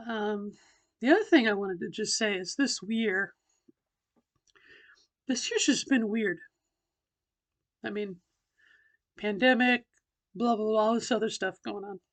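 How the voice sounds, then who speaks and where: A middle-aged woman records a relaxed video diary, speaking slowly and haltingly as she thinks aloud. Her voice sits at a middling pitch, with a slightly tight throat and frequent pauses. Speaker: vlogger doing voice training. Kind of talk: casual personal video diary.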